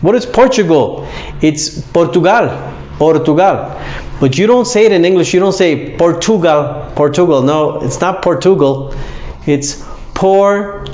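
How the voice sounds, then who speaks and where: Man, English teacher, pronunciation drill, fairly high voice, repeats words slowly. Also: expressive, a little mellow, muffled recording. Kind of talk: pronunciation lesson.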